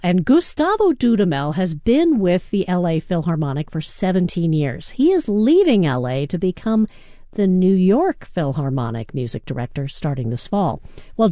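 A woman hosting a classical music radio station, announcing pieces and upcoming programs in a measured, smooth announcer style from a studio. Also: lowish voice, warm tone, no echo.

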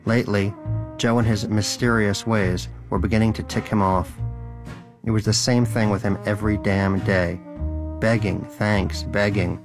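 A man with a low voice reads a story in scripted narration, dry and a little wry in his delivery. Music plays clearly underneath. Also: steady tone, moderate pace. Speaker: audiobook narrator.

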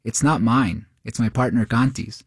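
A man voicing a quiet, low-key male cab driver who answers evasively. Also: moderate pace, husky, dry recording, studio quality, close to an everyday voice.

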